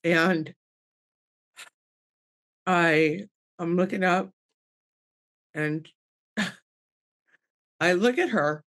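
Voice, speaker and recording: A woman's voice: drawn-out words, pauses often. Earnest middle-aged woman telling a story. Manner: earnest, acts out dialogue with rising pitch, drops low and soft when moved. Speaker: guest medium on a panel. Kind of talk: emotional personal storytelling.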